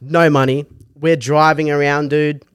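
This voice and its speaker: Swearing young Aussie bloke, higher voice. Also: male voice, a little slow, smooth, no echo. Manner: animated rambling storyteller, heavy swearing. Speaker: comedian. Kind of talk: casual podcast chat.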